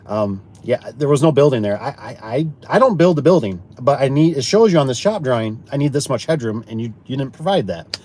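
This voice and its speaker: Animated man telling work stories. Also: medium pitch, a little fast, slight background noise. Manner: animated, acts out quoted customers and himself; repeats words when restarting. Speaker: garage door installer. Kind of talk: casual storytelling chat.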